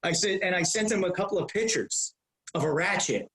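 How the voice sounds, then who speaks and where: A middle-aged man telling stories on a podcast, animated and profane, repeating phrases as he goes. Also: sits high, fairly quick, reverberant, poor audio. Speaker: guest, comedian. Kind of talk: casual storytelling.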